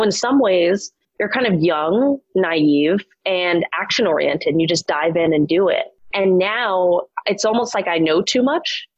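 A woman's voice: lowish voice, no room sound. A woman in her thirties, a startup founder telling her story candidly, with lots of "like" and restarts. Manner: chatty, frequent "like" fillers and restarts. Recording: muffled lo-fi audio.

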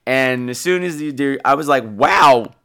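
A man hosting a podcast, casually reviewing a horror film, animated and jokey with casual swearing. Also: mid-range voice, normal speed, clean tone. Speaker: podcast host.

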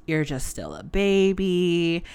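A woman's voice: on the low side, very animated, takes it slowly, vocal fry, darkish tone, clear, resonant tone, heavily acted. A woman quoting a scornful older coworker.

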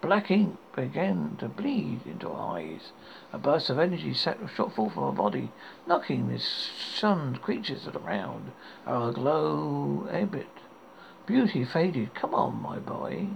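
A man hosting a horror podcast, reading a dark story aloud with stumbles and restarts. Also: a little high, very animated, takes it slowly, gravelly. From United Kingdom. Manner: stumbling, self-correcting reading. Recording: dull lo-fi recording with faint hiss.

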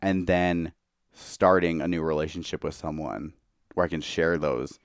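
A man's voice: very deep voice, steady tone, moderate pace, clear, resonant tone, no room sound, clean studio sound. A young man talking candidly as a podcast guest, a bit tipsy from tequila, filling his speech with "like.". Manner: candid, heavy use of "like". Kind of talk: casual chat.

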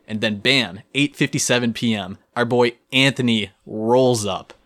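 A man's voice: mid-range voice, measured pace, a bit bright. A young man co-hosting a podcast, telling a story vividly and playfully in casual chat. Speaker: podcast co-host.

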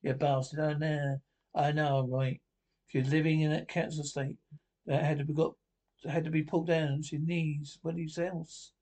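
An actor playing a coarse, cheeky Scottish pensioner in a TV sitcom, with gruff, sweary banter. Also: male voice, a little high, flat delivery, moderate pace, darkish tone, poor audio. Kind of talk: TV sitcom acting.

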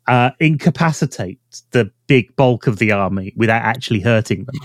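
A man on a podcast, working through ideas out loud with plenty of restarts, his voice dropping softly at the ends of phrases. The sound is close and dry. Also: mid-range voice, expressive, moderate pace, no room sound. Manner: thinks aloud with restarts, trails off softly. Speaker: podcast co-host. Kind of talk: casual chat.

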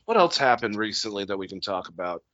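A man's voice: lowish voice, big pitch swings, fast, fairly bright tone, a little hiss or hum. A man co-hosting a podcast in casual chat, talking loosely with profanity and rambling asides. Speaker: podcast co-host. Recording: dull lo-fi dry recording.

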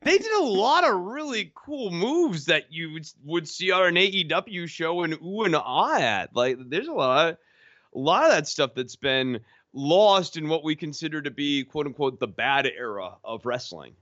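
A man's voice: on the high side, very animated, moderate pace, fairly bright tone, dry recording, lo-fi sound. A man co-hosting a podcast, giving critical, analytical takes in casual chat. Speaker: podcast co-host.

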